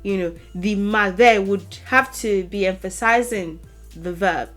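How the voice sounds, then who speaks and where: A woman giving a casual language lesson to camera. She speaks deliberately, repeats example phrases with stretched emphasis and laughs lightly between points. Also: medium pitch, fairly bright tone, faint music behind. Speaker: language teacher.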